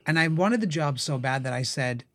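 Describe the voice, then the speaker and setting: A man, an actor and writer, casually telling stories as a guest, acting out quotes with lively raised voices. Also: fairly high pitch, normal speed. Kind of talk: casual storytelling.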